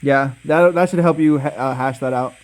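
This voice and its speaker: A man's voice: mid-range voice, moderate pace, rough recording. A man moderating a casual online debate chat, joking and teasing the others.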